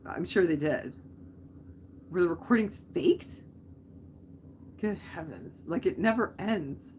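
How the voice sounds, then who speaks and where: A woman's voice: on the low side, lively intonation, slow pace, darkish tone, a little hiss or hum. A young woman hosting a live stream, chatting casually, rambling off on tangents and answering viewer comments.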